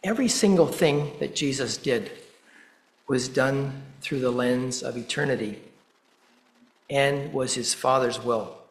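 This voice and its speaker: A man preaching a sermon in a measured way, pausing deliberately and quoting scripture. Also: mid-range voice, roomy sound, low-quality recording. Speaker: pastor.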